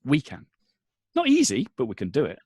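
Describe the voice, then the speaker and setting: A man's voice: medium pitch, huge pitch swings, moderate pace, a little mellow, husky, no room sound, studio quality. A man, a father, talking as a podcast guest, earnest and rambling with lots of restarts, emotional at times. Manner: emotional, choking up. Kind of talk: casual interview chat.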